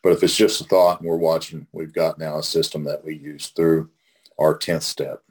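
A man's voice: very deep voice, flat delivery, moderate pace, a little mellow. A middle-aged man from Oklahoma leading a recovery study in a casual teaching talk. He is folksy and emphatic and repeats phrases for emphasis.

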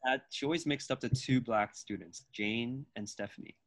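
A man's voice: medium pitch, normal speed, no echo. Man telling stories, dry close sound. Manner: animated storytelling, frequent swearing. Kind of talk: casual chat.

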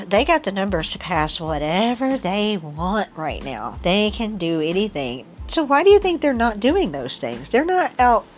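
A woman giving a casual political monologue, sarcastic and laughing often. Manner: sarcastic, laughs often, mocks opponents in high put-on voices. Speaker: political commentator.

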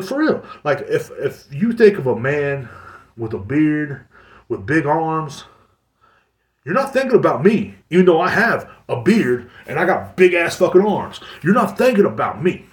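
A man rants bluntly as a podcast host, swearing freely and rambling from point to point. His pitch swings up and down with animated energy. He sits back from the mic in a room with a noticeable echo. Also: recorded from a distance. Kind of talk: casual ranting monologue. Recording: roomy echo, away from the mic.

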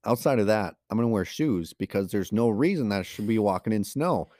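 A man with a low, mellow voice rambles through casual podcast talk, restarting sentences in a matter-of-fact way. His voice sits close and dry, with no room echo. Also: lively intonation, a little fast. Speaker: podcast co-host, mail carrier.

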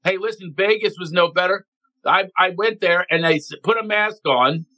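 A comedian guest from Philadelphia, telling stories on a talk show and acting out other people's voices. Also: male voice, high voice, normal speed, rough recording. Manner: animated storyteller, acts out voices of others. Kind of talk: energetic talk show chat.

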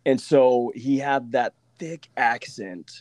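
A man from Oklahoma hosting a casual podcast chat, telling stories with lively asides and mimicking the people he quotes. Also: medium pitch, takes it slowly, dry recording. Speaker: podcast host.

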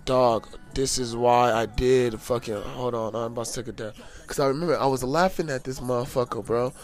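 A young man telling a rambling, profane story in casual slang, growing loud and animated when worked up. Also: medium pitch, a little fast, faint music behind.

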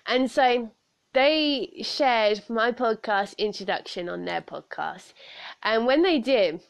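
A woman's voice: a little high, animated, slow pace, creaky. Giggly woman with a southern English accent. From south of England. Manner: chatty, giggly, rambling. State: stuffed-up nose. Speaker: podcast host. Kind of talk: casual solo podcast chat.

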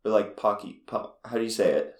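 A man's voice: on the low side, brisk, darkish tone, reverberant. A man co-hosting a casual podcast, easygoing and full of questions. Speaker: podcast co-host. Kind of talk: casual chat.

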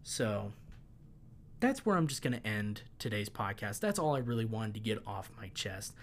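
A man's voice: fairly low pitch, very animated, normal speed, slight background noise. A man hosting a solo podcast, thinking aloud in a loose, unscripted way, his voice starting to give out. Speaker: podcast host.

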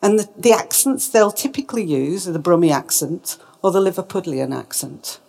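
A woman giving a presentation talk, emphatic and lively, putting questions to her audience. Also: fairly low pitch. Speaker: speaker.

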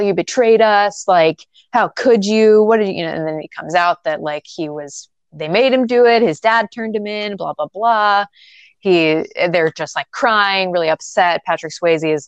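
Sardonic, foul-mouthed female podcast co-host; low-ish voice, dry booth sound. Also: clean tone, dry recording, lo-fi sound. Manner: rambling, profane, sardonic. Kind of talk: casual film recap chat.

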